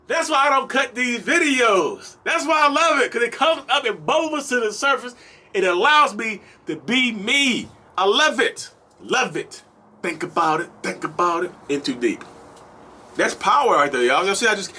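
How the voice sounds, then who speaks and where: A man's voice: sits high, big pitch swings, measured pace, pushed and bright. A man hosting a channel, talking straight to his viewers in a preachy, repetitive monologue and calling them y'all. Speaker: host of a channel on toxic relationships. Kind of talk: animated casual monologue to viewers.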